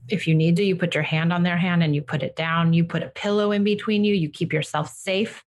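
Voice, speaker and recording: Middle-aged woman giving parenting advice, lowish voice, calm steady coaching tone. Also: moderate pace. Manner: warm reassuring coaching, acts out gentle phrases to a child. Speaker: parenting coach and podcast host. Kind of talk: casual advice chat.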